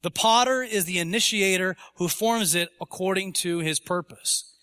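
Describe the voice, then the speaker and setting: A man's voice: high-pitched, moderate pace, bright, forceful tone, big-room sound. A man preaching a sermon in church as pastor, emphatic and rising to voice imagined objections. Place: church sanctuary.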